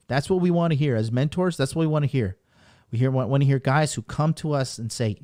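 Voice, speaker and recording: A man's voice: mid-range voice, fast talker, dark tone, no echo, clean studio sound. A man hosting a podcast, giving a profane, emphatic motivational rant that hammers the same points over and over. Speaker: podcast host and dating coach.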